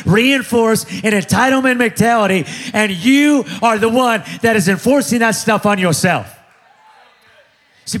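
A man in his forties preaching an energetic sermon, joking with the crowd and driving points home with call-and-response repetition. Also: sits high. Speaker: pastor.

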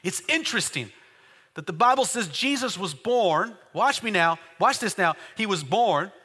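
Male pastor, high bright voice, lively sermon in a reverberant church hall. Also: normal speed, husky. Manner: call-and-response preaching, builds to loud exclamations. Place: church sanctuary.

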